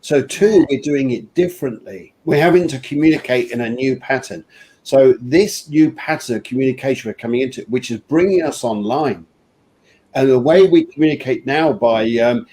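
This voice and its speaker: A man co-hosts an online interview over a video call. He talks in a loose, rambling way and laughs easily. His voice sits at an ordinary middle pitch. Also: expressive, darkish tone. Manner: rambling, chatty, quick to laugh. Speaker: co-host. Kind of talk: casual interview chat.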